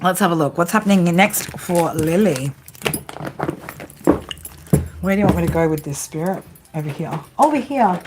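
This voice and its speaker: A woman's voice: lowish voice, lively intonation, normal speed, long pauses, very noisy. A young woman giving a casual, profane tarot reading, chatting to her viewers and to spirit as she goes. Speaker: tarot reader.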